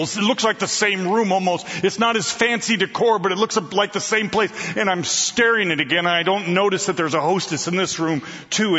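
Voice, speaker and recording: A man's voice: high voice, bright, forceful tone. A man preaching a sermon, telling a story and quoting scripture emphatically, in a reverberant hall. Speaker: pastor. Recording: reverberant hall, dull lo-fi sound.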